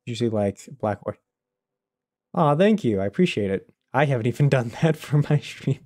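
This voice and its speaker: Mellow-voiced man casually streaming a game. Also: mid-range voice, lively intonation, moderate pace. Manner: chatty, laughs often, answers chat while playing. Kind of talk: casual live-stream commentary.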